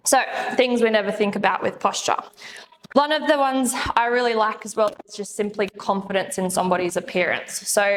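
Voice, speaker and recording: A woman chiropractor giving an upbeat, chatty live presentation with slides to an audience, laughing often. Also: medium pitch. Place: room with an audience. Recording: echoey room, faint background noise.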